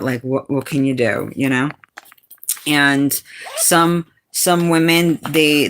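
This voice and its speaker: Sassy low-voiced woman livestreamer. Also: a little hiss or hum. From New England, US. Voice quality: low, sultry voice. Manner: sassy, talks back to chat comments. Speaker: livestream host. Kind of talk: casual livestream chat.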